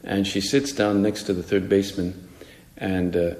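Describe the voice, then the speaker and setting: A man's voice: sits low, flat delivery, normal speed, a little mellow. A man giving a spoken meditation as a priest, talking in a conversational, musing way with frequent restarts, in an echoey hall with faint music behind.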